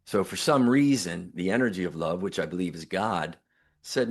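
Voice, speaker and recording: Deep-voiced older man telling his story. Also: lively intonation, normal speed. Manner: earnest, reflective, retells dialogue with emphatic quotes. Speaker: guest, near-death survivor and author. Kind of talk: podcast interview storytelling.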